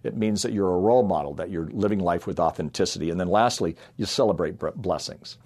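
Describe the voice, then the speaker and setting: Middle-aged male ministry speaker, low voice, earnest family-story sermon. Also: fast, darkish tone, breathy edge. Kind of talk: sermon-style talk with personal stories.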